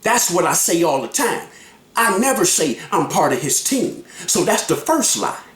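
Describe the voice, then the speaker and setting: A man's voice: high voice, very animated, moderate pace, a bit bright, reverberant. A man giving heated reaction commentary, emphatic and repetitive, acting out quotes in his own voice. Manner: emphatic, repeats himself, acts out quotes.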